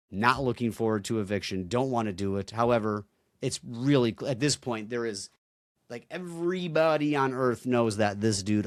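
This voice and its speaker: A man's voice: mid-range voice, no room sound, studio quality. Fired-up blunt man hosting a podcast. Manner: blunt, fired-up and profane, talking to listeners as "boys and girls". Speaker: podcast host. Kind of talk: solo podcast monologue.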